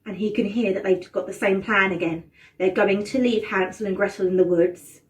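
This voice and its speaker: A female drama teacher tells a children's story with animated expression and dramatic gasps, prompting her class to join in. Her voice is medium-pitched at a moderate pace, captured on a distant mic.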